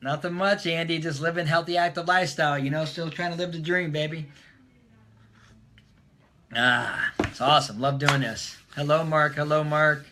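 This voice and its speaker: A man's voice: fairly high pitch, fairly even intonation, normal speed, noisy background. A man hosting a casual live stream, upbeat and greeting viewers by name as they join.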